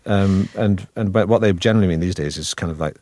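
A man's voice: low voice, fast talker, dark tone. A man with a Manchester accent, an actor chatting in an interview in a wry, self-deprecating way that rambles with restarts. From Manchester, northern England. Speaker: actor guest. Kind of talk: relaxed interview chat.

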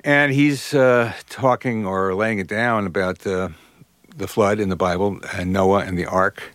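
A man being interviewed about his music, answering thoughtfully with many pauses and fillers. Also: fairly low pitch, steady tone, a bit bright, no room sound. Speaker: guest composer.

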